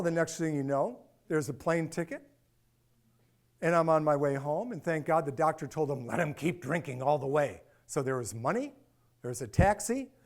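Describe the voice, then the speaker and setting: A middle-aged man giving a personal storytelling talk, animated and acting out the dialogue. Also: a little high. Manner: animated, acts out dialogue, repeats phrases for effect. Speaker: speaker and author.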